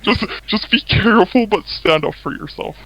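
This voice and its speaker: A man's voice: sits high, moderate pace, a bit bright, low-quality recording. A man, the anonymous guest, telling a personal story casually with lots of fillers and swearing. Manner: fillers and swearing, acts out quoted lines. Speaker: anonymous interviewee.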